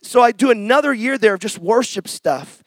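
A middle-aged man preaches a testimony sermon, and his voice sits unusually high for a man. He moves from passionate, shouted storytelling to slow, quiet scripture reading. The sound is dry and close, with no room echo. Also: expressive. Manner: impassioned storytelling with bursts of shouting; reads scripture slowly and softly.

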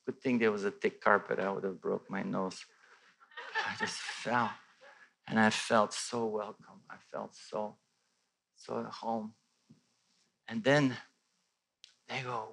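A man from Bulgaria telling a personal faith testimony in animated storytelling, with many restarts and a voice that rises and falls. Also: lowish voice, takes it slowly, gravelly, long pauses. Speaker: testimony speaker.

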